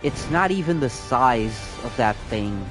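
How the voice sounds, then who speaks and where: A man's voice: medium pitch, lively intonation, measured pace, music in the background. A man streaming a game live, chatting casually and rambling with his chat. He swears freely as he plays.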